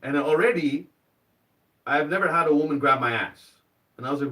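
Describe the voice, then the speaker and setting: A man doing a live stand-up comedy set on a club stage, rambling and halting, then rising to excited shouts in his stories. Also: on the high side, far from the mic, low-quality recording.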